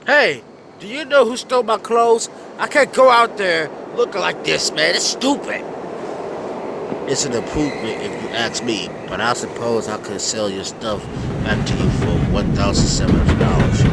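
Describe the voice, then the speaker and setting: A man's voice: on the high side, very animated, normal speed, gravelly, heavy background noise. An exasperated man who swears as he talks.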